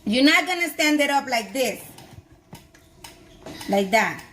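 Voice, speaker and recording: A home cook vlogger from Miami-Dade, Florida, with a slightly high voice, walks viewers slowly through a home recipe in loose, slangy, excitable talk. Food fries and sizzles noisily in her kitchen behind her.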